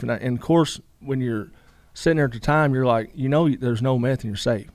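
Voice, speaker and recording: Fast-talking man telling a story. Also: medium pitch, a little mellow, no room sound. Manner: rambling, full of "you know" asides. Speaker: guest. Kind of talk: casual storytelling interview.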